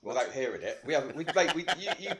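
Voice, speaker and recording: A man's voice: medium pitch, very animated, racing, a loud crowd. A man co-hosting a podcast, trading crude, cheeky banter. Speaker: podcast co-host.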